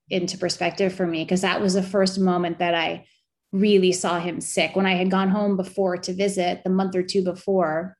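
A middle-aged woman, an actress and author, speaking as an interview guest in a reflective, halting way with frequent restarts and soft laughs. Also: fairly low pitch.

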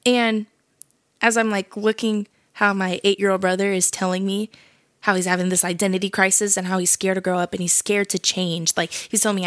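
A woman's voice: mid-range voice, flat delivery, a little fast, no echo, clean studio sound. A young woman hosting a casual faith podcast, chatty and slangy, laughing often as she tells a story. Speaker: podcast host.

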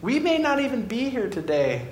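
Animated man preaching in an echoey hall. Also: moderate pace. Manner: animated storytelling, swings between excited and quiet. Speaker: pastor. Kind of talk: sermon. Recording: echoey room with faint rumble.

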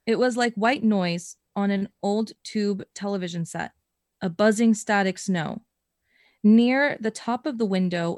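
A woman's voice: medium pitch, no room sound, studio quality. A young adult woman co-hosting a podcast, reading a listener's story aloud with casual, swearing asides. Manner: expressive reading, breaks into laughter and swearing.

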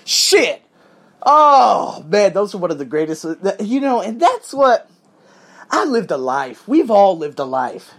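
A man in his thirties from Las Vegas casually telling a story to viewers in an animated, profane way with frequent laughter. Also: sits high, takes it slowly. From Las Vegas, USA. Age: 30s.

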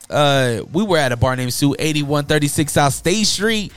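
A man's voice: on the high side, animated, moderate pace, hardly any pauses, a bit bright, smooth, faint music behind. A man hosting a podcast and chatting in a loose, motivational way, with many fillers and restarts. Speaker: podcast host and DJ. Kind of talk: casual podcast monologue.

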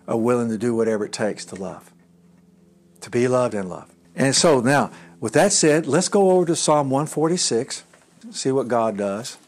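A middle-aged man giving a conversational sermon as a pastor, talking in a halting way with restarts and asides. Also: medium pitch.

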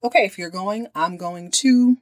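A woman's voice: mid-range voice, moderate pace, natural voice. A woman quoting a begging little sister. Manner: pleading, affectionate. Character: devoted younger sister begging her brother.

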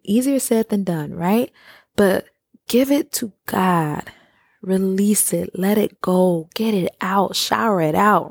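A woman host giving casual, encouraging advice, often checking in with "right?" and "you know", slowing down to guide breathing. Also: mid-range voice, darkish tone, no room sound, studio quality. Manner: soothing, encouraging, slows down for breathing guidance.

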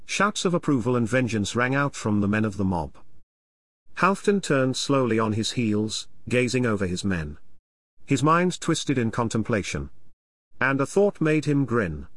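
A man narrating an audiobook chapter in a measured, dramatic reading. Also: medium pitch, big pitch swings, no room sound.

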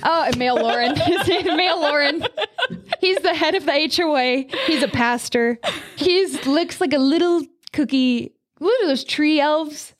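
High-voiced woman telling a lively story. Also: normal speed. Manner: animated storyteller, acts out quotes with laughs. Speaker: podcast co-host. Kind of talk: casual chat, storytelling.

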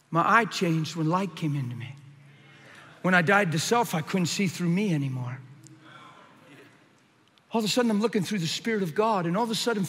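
A man preaching his testimony, moving between hushed and shouted lines with dramatic energy. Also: high-pitched, long reverb tail. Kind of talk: testimony sermon.

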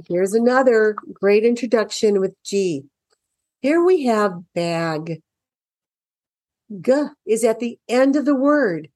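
Slow, upbeat woman teaching reading. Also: medium pitch, darkish tone, dry recording. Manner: enthusiastic, deliberate and encouraging. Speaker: parent teaching early reading. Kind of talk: workbook walkthrough lesson.

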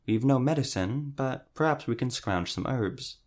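A man reading an audiobook, voicing a soft-spoken, impassive male cleric. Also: medium pitch, animated, moderate pace, pitched above the performer's own voice, lightly acted. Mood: calm. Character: calm, fervent male cleric.

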